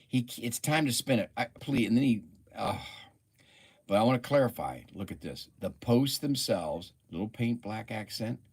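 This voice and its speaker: A man's voice: low voice, slightly rough. A man in his seventies from Ohio, hosting a casual livestream and talking through items in a rambling, easily sidetracked way. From Ohio, USA. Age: 70s. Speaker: livestream host. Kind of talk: casual livestream show-and-tell. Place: indoor workshop.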